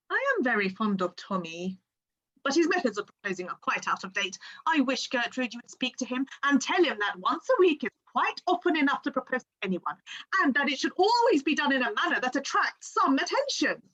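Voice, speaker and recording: A woman's voice: sits high, sing-song, normal speed, a bit bright, dull audio. A woman playing a witty flighty society girl. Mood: playful. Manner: arch, playful, theatrical comic delivery. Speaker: amateur stage actress. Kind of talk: stage play performance.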